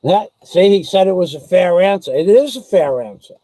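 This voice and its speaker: A man's voice: high-pitched, lively intonation, moderate pace, dark tone, no echo, rough recording. A man vlogging to camera, ranting with sarcasm in a casual way.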